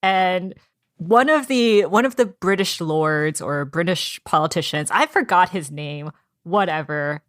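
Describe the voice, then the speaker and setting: Lowish-voiced woman chatting about a book. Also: unhurried, no room sound, clean studio sound. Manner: animated, acts out characters' lines in quotes. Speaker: podcast co-host. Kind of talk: casual book club chat.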